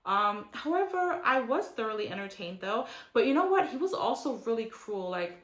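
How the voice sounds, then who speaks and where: A woman's voice: on the high side, sing-song, normal speed, fairly bright tone, roomy sound. A young woman giving a casual recap of a reality show. She talks in a chatty, opinionated way, says "like" constantly and mocks the people she describes. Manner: chatty and opinionated, heavy use of "like", mocking quotes in character.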